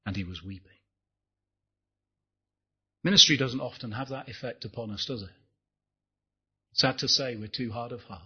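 A man's voice: medium pitch, moderate pace, long pauses, slightly rough, lo-fi sound. A man preaching a sermon, impassioned, rising and falling, asking the congregation rhetorical questions.

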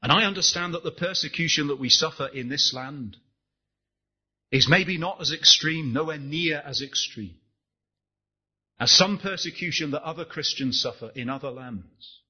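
A man's voice: fairly high pitch, moderate pace, husky, dull audio. A man preaching a sermon, impassioned, rising and falling, asking the congregation rhetorical questions.

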